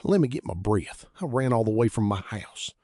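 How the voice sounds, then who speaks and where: A man's voice: fairly low pitch, expressive, normal speed, darkish tone, no room sound. A man voicing an out-of-breath boy who is eager and insistent. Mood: excited. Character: excited breathless boy, frantic.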